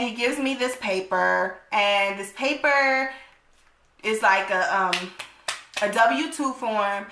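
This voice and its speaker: Animated, profane woman telling a story. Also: on the high side, roomy sound. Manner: animated, emphatic, profane, tagging lines with 'okay?'. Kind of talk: storytime vlog.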